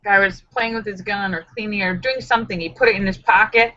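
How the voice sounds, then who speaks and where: A woman's voice: medium pitch, steady tone, fairly quick, pushed and bright, lo-fi sound. A woman hosting a casual live stream, chatting with viewers in a sassy, joking, self-mocking way.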